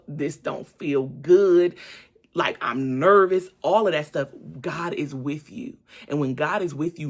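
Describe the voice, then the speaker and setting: A woman recounts a personal adventure as a lesson of faith. She speaks casually and with animation, addressing her viewers directly. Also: low voice. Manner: animated, addresses viewers as "y'all", laughs and exclaims often. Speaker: vlogger. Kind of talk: casual faith-based storytelling vlog.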